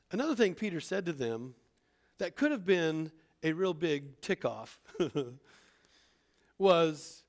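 A man's voice: fairly high pitch, big pitch swings, slow pace, creaky, long pauses. A man teaching a Bible lesson in an informal sermon style, talking conversationally and acting out the people he quotes. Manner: conversational, acts out quoted voices.

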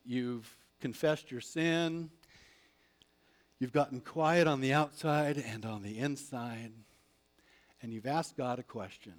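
A man preaching a sermon as a pastor, animated, acting out prayers and replies. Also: medium pitch, takes it slowly, pauses often.

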